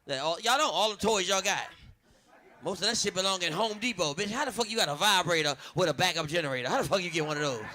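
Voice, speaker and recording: A man doing a loud stand-up set on a club stage, working the crowd and acting out voices. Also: sits high, lively intonation, fast talker. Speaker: stand-up comedian. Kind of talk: stand-up routine.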